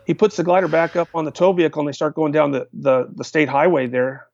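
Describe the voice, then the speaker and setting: Gravelly man telling rambling stories. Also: on the high side, fairly even intonation, fast talker, darkish tone, no echo. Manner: rambling, with many restarts and fillers. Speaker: guest pilot telling stories. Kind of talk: casual storytelling. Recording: dull, lo-fi sound.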